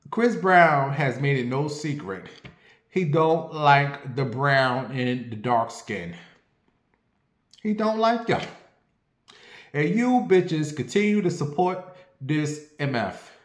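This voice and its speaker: A man's voice: on the high side, roomy sound. A man delivering a sassy, profane gossip rant in a casual online video. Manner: sassy, brash and profane, animated. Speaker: online commentator.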